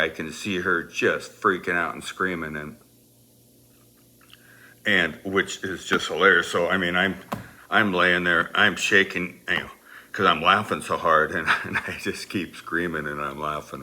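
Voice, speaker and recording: A middle-aged man with a very deep yet bright, forceful voice tells a family story, rambling along with plenty of "you know" fillers. He keeps laughing as he talks, and a faint hiss sits under the recording. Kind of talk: casual personal anecdote.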